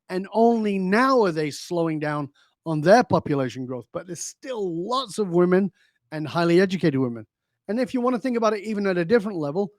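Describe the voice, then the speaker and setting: A man speaking as a guest on an interview show, pressing his points with stories and one rhetorical question after another. His voice sits a bit high for a man. The sound is close and dry, with no room around it. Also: no room sound. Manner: emphatic storyteller, rhetorical questions. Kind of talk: conversational interview.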